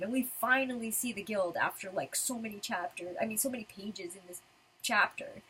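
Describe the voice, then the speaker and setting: A woman's voice: medium pitch, normal speed, sharp tone, a little hiss or hum, poor audio. A woman talking casually while reading through a manga chapter, chatty and full of fillers. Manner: chatty, filler-heavy fan talk. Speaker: manga reviewer.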